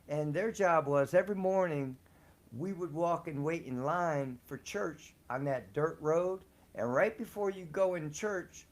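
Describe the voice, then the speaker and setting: A man with a fairly high-pitched voice tells personal stories in a relaxed, slangy way. He swears freely and breaks into laughter often. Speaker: storyteller on a live show. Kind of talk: casual storytelling.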